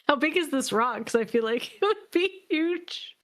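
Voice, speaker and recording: A woman's voice: high voice, lively intonation, moderate pace. A woman playing a tabletop game, asking questions hesitantly and giggling. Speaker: player.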